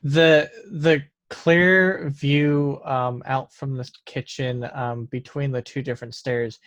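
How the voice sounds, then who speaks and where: A male game master narrating a scene for his players. He halts and fills pauses as he goes. His mid-range voice is recorded dry and close. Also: medium pitch, flat delivery, fairly bright tone, no room sound. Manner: halting, with fillers.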